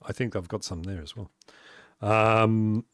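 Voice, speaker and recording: A man's voice: on the low side, fairly even intonation, unhurried, dry recording, clean studio sound. A man streaming a building game, chatting casually, laughing often and answering his chat aloud as he plays. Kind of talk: casual live-stream chat while playing.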